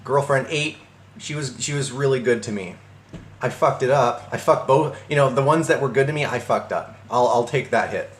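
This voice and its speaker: Man, mid pitch, telling a rambling story with lots of restarts, recorded in a roomy space. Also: moderate pace. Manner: rambling, many restarts and stammers. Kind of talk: casual storytelling monologue.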